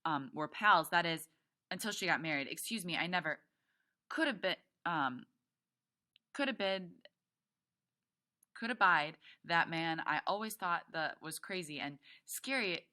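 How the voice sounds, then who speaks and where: A woman's voice: lowish voice, lively intonation, sharp tone. A woman voicing a nervous, chatty mother who rambles and trips over her words, read aloud from a novel. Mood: flustered. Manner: rambling, rushed, flustered.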